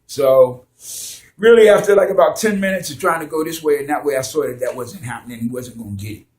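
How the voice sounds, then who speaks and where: A man telling a story in a casual, lively way, acting out the scenes as he goes. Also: mid-range voice, fast.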